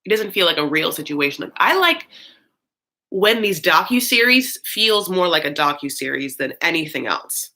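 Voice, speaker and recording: A woman hosting a casual chat, talking loosely with many fillers and swinging between high and low. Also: bright, forceful tone. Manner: chatty, swoops high and low, frequent fillers; campy, calls listeners honey. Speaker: host.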